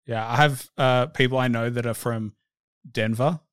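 A man's voice: mid-range voice, fairly even intonation, moderate pace, a bit bright, clear, resonant tone, no room sound, studio quality. An Australian man hosting a podcast, chatting casually and playfully with his guest. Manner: chatty, playful, mimics accents. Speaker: podcast host. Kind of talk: casual interview chat.

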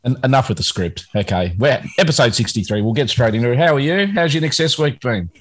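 A man's voice: medium pitch, expressive, fast, a little hiss or hum. A man co-hosting a podcast in casual chat, joking and laughing as he talks. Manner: jokey, laughs often. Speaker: podcast co-host.

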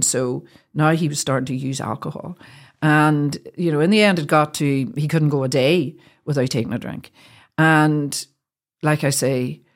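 Speaking in a low voice with a Northern Irish accent, a female guest shares a personal story in a heartfelt, earnest way. She frequently starts her sentences over.

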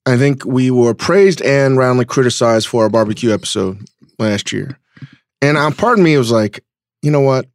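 A man's voice: mid-range voice, normal speed, dry recording, studio quality. A man hosting a podcast interview, talking in a loose, conversational way and thinking aloud with restarts. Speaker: podcast host. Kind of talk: casual interview chat.

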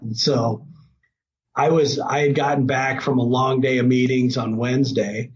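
A middle-aged man sits at an average pitch and tells a hunting tale in a loose, casual way, slipping into lively, excited quotes. The recording sounds a little dull, with a faint hiss underneath. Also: normal speed. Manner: animated, breaks into excited quoting. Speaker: hunting guest. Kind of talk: casual storytelling.

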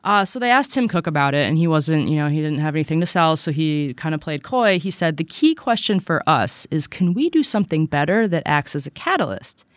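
A man co-hosting a casual tech podcast, his voice a bit high for a man. He is chatty and quick to laugh, and the recording is dry and close. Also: sing-song, no echo. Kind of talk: casual chat.

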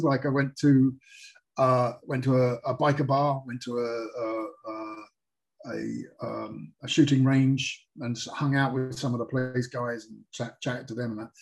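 A man's voice: mid-range voice, creaky, slightly rough. An English man talking casually as a guest, hesitant, with many fillers and restarts. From England. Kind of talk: casual chat.

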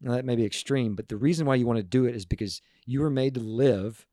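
A man speaking as a guest to a group, telling stories in an earnest, animated way and often restarting his words. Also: medium pitch, quick pace, no room sound, studio quality. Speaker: guest speaker on parenting and emotions. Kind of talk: casual storytelling talk to a group.

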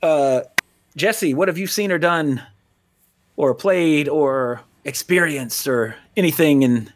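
A man hosting a podcast in casual chat, rambling and animated, swearing freely. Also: fairly high pitch, takes it slowly. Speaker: podcast host.

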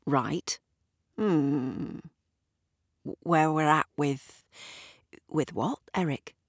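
Woman doing a soft-spoken young man, hesitant, apologetic, quiet and low. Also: extremely slow, slightly rough, no room sound, clean studio sound, full character voice.

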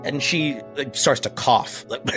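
A man's voice: medium pitch, fairly bright tone. Hesitant male game master narrating. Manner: hesitant, with many fillers.

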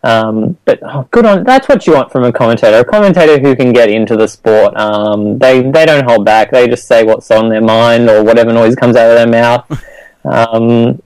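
A man co-hosting a podcast, replying in an easygoing, measured way. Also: mid-range voice, a little mellow, clean tone, no room sound, rough recording. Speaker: podcast co-host. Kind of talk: casual chat.

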